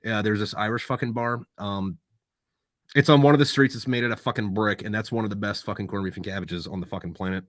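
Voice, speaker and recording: A man's voice: lowish voice, steady tone, fast talker, a bit bright, no room sound, clean studio sound. A young man and former Marine chatting casually as a podcast guest, rambling and swearing freely. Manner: profane, rambling storyteller.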